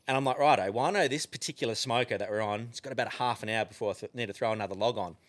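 A man's voice: lowish voice, rapid-fire. A man with an Australian accent, a podcast guest telling casual stories full of swearing. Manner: profane, animated yarn-spinning with frequent swearing. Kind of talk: casual storytelling.

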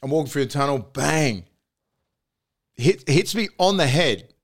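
A man's voice: fairly high pitch, measured pace. Laughing, swearing Australian man telling a story. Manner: laughing, profane, animated storyteller. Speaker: podcast host. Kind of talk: casual storytelling chat. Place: recording studio.

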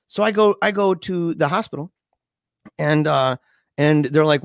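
Animated slangy man telling a story. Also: on the high side, moderate pace, no room sound, studio quality. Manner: animated, slangy, laughs a lot, says "dude". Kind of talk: casual chat, storytelling.

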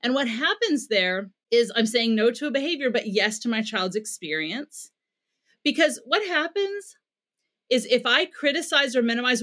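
A middle-aged woman speaking as a parenting expert in an interview. Her voice sits a little high, and she explains with earnest care, now and then acting out short bits of dialogue to show what she means. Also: animated, moderate pace, a bit bright.

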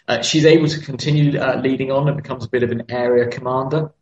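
A man's voice: mid-range voice, fairly even intonation, fast. A man co-hosting a casual history chat, telling stories with many fillers and restarts. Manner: storytelling, with frequent fillers and restarts. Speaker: podcast co-host. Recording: echoey, dull-sounding room.

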